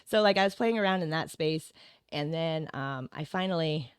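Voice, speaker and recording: A woman with a notably low, deep voice talks as a podcast guest. Her speech rambles, full of "like" and "right?" and easy laughter. The sound is dry and close, with no room echo. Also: darkish tone. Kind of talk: casual chat.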